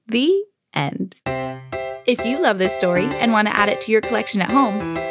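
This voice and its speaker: A woman's voice: medium pitch, quick pace, loud music behind the voice. Woman reading a picture book aloud. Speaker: podcast host and children's book reader. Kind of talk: read-aloud storytelling.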